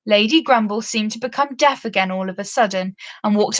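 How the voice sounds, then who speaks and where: Bright woman reading a children's story. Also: medium pitch, brisk, few pauses, dry recording. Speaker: storybook reader. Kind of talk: children's story read-aloud.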